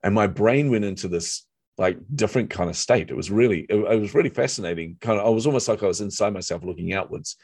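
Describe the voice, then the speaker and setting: A middle-aged man with a New Zealand accent, telling a personal story in a lively, self-deprecating way during a conversation. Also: fairly low pitch, fast, slightly rough, dry recording, clean studio sound. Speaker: author and marketer, guest.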